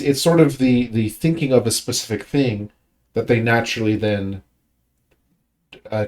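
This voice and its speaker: Low-voiced man teaching with many fillers. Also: darkish tone. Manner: thinks aloud with many fillers and restarts; patient, gives short praise to learners. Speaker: study group leader teaching Tongan. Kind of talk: casual language lesson explanation.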